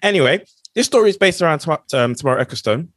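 A man with a South London accent hosts a podcast, casually telling a news story with jokes, puns and many hesitant fillers. His fairly high, fairly bright voice moves fast with lively intonation, recorded at studio quality with no room sound.

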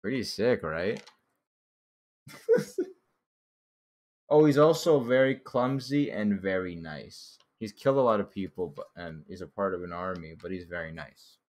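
A man's voice: deep voice, normal speed, hardly any pauses, a little mellow. A young man casually commenting on his old childhood drawings, laid-back and joking, swearing now and then and laughing at himself.

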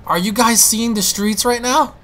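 Excitable young man panicking through gameplay. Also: very high-pitched, normal speed. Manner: excitable, panicky, stammering restarts. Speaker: gaming YouTuber. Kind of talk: live gameplay commentary.

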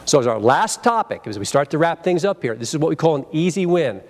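A man's voice: fairly high pitch, fast. A man presenting a live sales training seminar at a convention, acting out phone greetings and drawing the room into call-and-response. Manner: energetic, acts out phone greetings, leads audience call-and-response.

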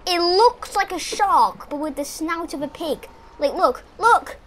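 High, lively-voiced excitable gamer woman. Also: a little slow, slight background noise. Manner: excitable, chatty, exclaims at the game. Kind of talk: let's-play commentary.

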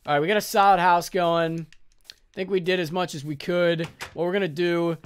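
High-voiced man narrating his game. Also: moderate pace, smooth. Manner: excitable, swears, panicky yelps. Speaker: gaming YouTuber. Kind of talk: casual let's-play commentary.

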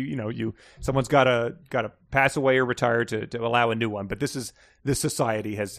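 A man's voice: mid-range voice, dry recording, clean studio sound. A man co-hosting a casual book podcast, making wry, rambling asides about the story. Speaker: podcast co-host. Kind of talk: casual book-review chat.

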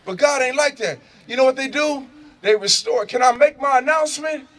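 High-pitched shouting man preaching. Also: a little fast. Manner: loud, shouting, laughing, street-slang storytelling. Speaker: motivational speaker. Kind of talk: animated preaching and storytelling. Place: prison gathering space.

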